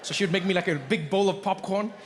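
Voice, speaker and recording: Male stand-up comic, lively storytelling, fairly high voice, long hall reverb, faint room noise. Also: fast talker. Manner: animated storytelling, jumps into character voices. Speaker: stand-up comedian. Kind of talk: stand-up comedy.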